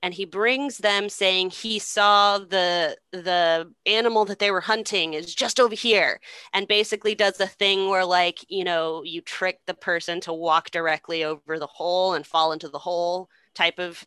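A woman's voice: lowish voice, fairly even intonation, moderate pace, bright, forceful tone, clean tone, no room sound. A young woman casually retelling a play with irreverent, slangy humor and frequent swearing. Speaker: storyteller.

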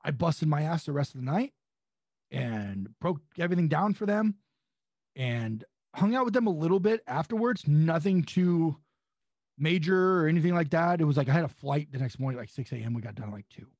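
A man's voice: a little high, lively intonation, fairly quick, darkish tone, no echo. A man from California on a podcast, telling rambling, profane anecdotes in a casual chat. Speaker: wrestling guest.

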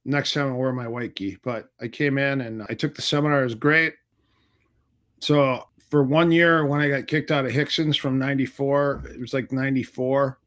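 At a moderate pace, a middle-aged man with an ordinary middle-pitched voice recounts old stories as a guest in a casual interview. A martial arts instructor, he tells them animatedly, acting out everyone's quoted lines.

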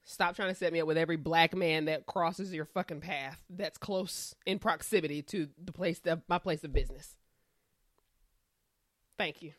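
A woman's voice: sits low, normal speed, no room sound, clean studio sound. A woman delivering a blunt, profane comedic rant as a podcast co-host.

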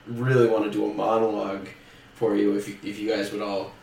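A man playing a cocky, boastful uncle in an improvised comedy scene, with a deadpan delivery. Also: on the low side, fairly quick, creaky. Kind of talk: improv comedy role-play. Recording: distant echoey room with faint noise.

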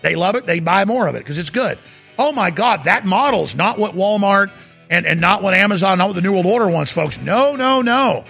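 A middle-aged man hosting a talk show, ranting and mocking, sometimes rising to a shout. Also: high voice, brisk, vocal fry, slightly rough, faint music behind. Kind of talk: heated political talk show monologue.

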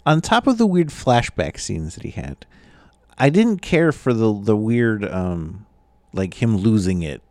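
A man's voice: lowish voice, big pitch swings, a little slow, darkish tone, no echo. A man co-hosting a casual movie review podcast, swearing freely and acting out lines from the film in mock voices. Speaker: podcast co-host.

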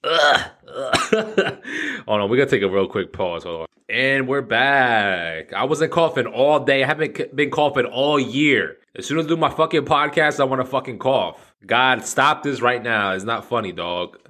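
A man's voice: medium pitch, animated, moderate pace, fairly bright tone. A man around thirty hosting his own podcast, talking casually and rambling, swearing freely and poking fun at himself. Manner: rambling, profane, self-mocking, laughs at himself. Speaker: podcast host. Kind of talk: casual solo podcast monologue.

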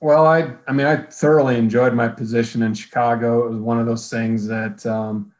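A man as an interview guest, recounting his career in a measured way with frequent ums. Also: mid-range voice, flat delivery, darkish tone. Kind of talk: casual conversational interview.

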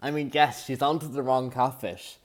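A former contestant now co-hosting a podcast chats enthusiastically in a casual recap, gossiping about the players and dropping his voice to imitate people. His voice is medium-pitched and steady at a normal speed.

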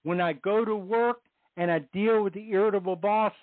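A man's voice: sits high, fairly even intonation, normal speed, dry recording. Middle-aged man, earnest faith testimony, repeats himself for emphasis, heard over a phone line. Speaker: guest on a Catholic radio show.

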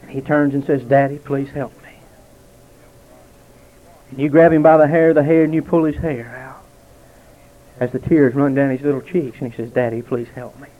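A man in his forties preaching a dramatic testimony sermon, slowing and dropping almost to a hush for emphasis. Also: fairly high pitch, fairly even intonation. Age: 40s. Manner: dramatic, slows and drops to near quiet for emphasis. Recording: tinny phone-like sound.

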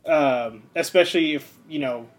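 A man's voice: on the high side, normal speed. A man co-hosting an anime podcast in casual chat, easygoing and rambling, with slangy asides. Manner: easygoing, rambling, slangy, says "you know what I mean". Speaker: podcast co-host.

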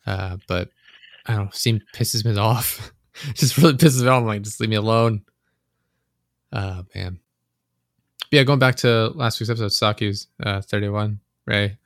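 A man's voice: fairly low pitch, moderate pace, long pauses, no room sound, studio quality. A man co-hosting a podcast, chatting casually, swearing freely and acting out his own frustrated reactions. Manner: swears freely, acts out frustrated inner monologue. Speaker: podcast co-host. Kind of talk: casual chat.

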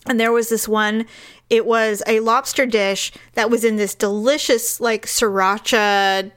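A woman podcast co-host from California, chatting casually and telling a story with lively acted-out voices. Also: on the high side, unhurried, smooth. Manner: animated, acts out voices in anecdotes.

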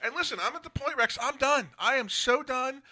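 Bright-voiced ranting male host. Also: very high-pitched, brisk. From Philadelphia area. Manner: blunt, ranting, swears freely. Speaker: podcast host. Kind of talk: casual talk show chat.

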